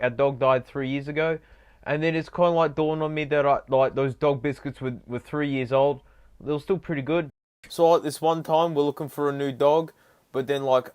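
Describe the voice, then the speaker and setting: An Australian man telling an absurd story in a rambling comic monologue, full of "like" and "mate". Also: mid-range voice. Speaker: comedian.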